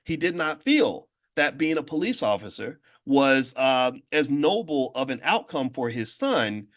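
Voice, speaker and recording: A man's voice: medium pitch, very animated, measured pace, a bit bright. A man hosting a motivational talk on money and ownership, speaking emphatically with rhetorical questions and repeated phrases, often restarting mid-sentence. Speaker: host and finance educator. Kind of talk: motivational morning talk to an audience.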